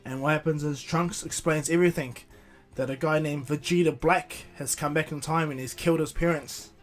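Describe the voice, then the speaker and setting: A man's voice: on the high side, steady tone, moderate pace. A man casually retelling a fan-made story, rambling with many restarts.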